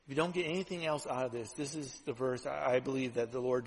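A man's voice: medium pitch, steady tone, fast talker, breathy edge. Man preaching in a reverberant hall. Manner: conversational preaching full of "right?" asides; swings between loud and hushed delivery. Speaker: pastor. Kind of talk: sermon.

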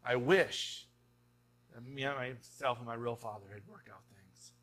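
A pastor with a mid-range voice speaks at a measured pace in a steady, fairly bright tone. Conversational with the congregation and fond of saying "right?", he works his way up to emphatic exhortation.

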